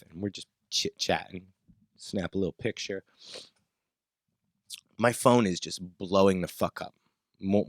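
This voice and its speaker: A man's voice: no room sound, clean studio sound. Profane, heated man ranting on a podcast. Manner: swings between loud outbursts and low muttering. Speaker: podcast host. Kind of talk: off-the-cuff ranting monologue.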